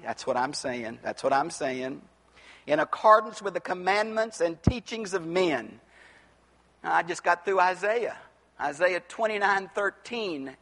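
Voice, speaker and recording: Impassioned high-voiced male preacher. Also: measured pace, creaky, big-room sound. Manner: impassioned, rising to near-shouts on rhetorical questions. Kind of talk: expository Bible sermon.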